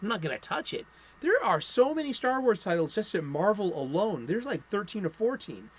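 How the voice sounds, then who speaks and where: His voice is high and husky, swinging widely in pitch at a moderate pace. Hosting a casual comic book stream from his American home studio, he rambles over new releases and bursts into angry, profanity-laced rants.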